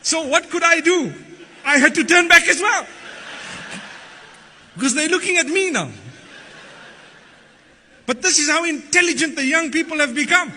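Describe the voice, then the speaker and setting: A man's voice: extremely high pitch, moderate pace, pauses often, sharp tone, slight background noise. A man preacher giving a humorous sermon, telling playful stories with punchlines. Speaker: Islamic preacher.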